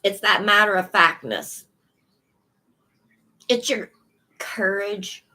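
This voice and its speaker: A woman's voice: medium pitch, takes it slowly, pushed and bright, low-quality recording. A woman giving a casual tarot reading, sassy and emphatic, speaking straight to her viewers. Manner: sassy, emphatic, laughs often. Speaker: tarot reader.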